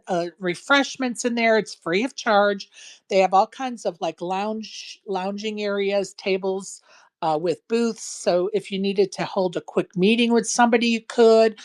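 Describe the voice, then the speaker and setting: A folksy woman hosts a casual online show, chatting to viewers and co-hosts. Her voice sits at an ordinary middle pitch, and she speaks frankly and plainly. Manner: chatty and folksy, says "y'all", frank opinions. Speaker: show host. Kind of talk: casual live-stream chat.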